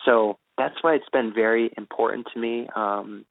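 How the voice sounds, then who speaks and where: A man, an author being interviewed, talking in an earnest, thoughtful way and pausing between phrases. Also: mid-range voice, fairly even intonation, gravelly, no room sound. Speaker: author guest. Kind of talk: reflective interview talk. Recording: phone-like narrow band.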